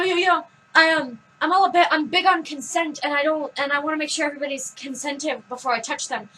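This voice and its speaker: A woman's voice: high voice, sharp tone, a little hiss or hum, rough recording. A teenage girl chatting casually on a vlog, telling rambling stories in a blunt way. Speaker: vlog co-host. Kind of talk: casual chat.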